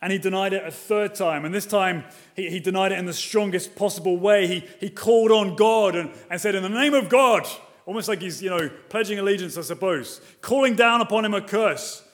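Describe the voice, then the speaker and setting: A man's voice: sits high, fairly quick, hardly any pauses. Man preaching with rhetorical questions. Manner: rhetorical questions, shifts between emphatic and quiet. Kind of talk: expository sermon.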